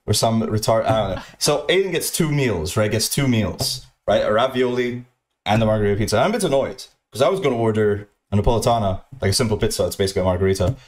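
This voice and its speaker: A man's voice: medium pitch, a little fast. Male storyteller with a mid-range voice, rambling and profane, mimics other people's lines. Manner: repetitive, profane, restarts often, mimics others. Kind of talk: rambling anecdote.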